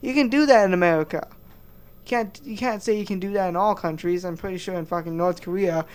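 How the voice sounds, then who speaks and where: A man's voice: high voice, fast talker, a little mellow, smooth. A man giving heated, crude reaction commentary, stammering through many restarts. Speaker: commentary vlogger.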